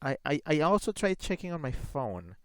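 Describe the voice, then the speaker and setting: A man's voice: fairly high pitch, very animated, moderate pace, no echo. A man chatting casually on a live gaming stream, rambling with lots of fillers and reading chat messages aloud.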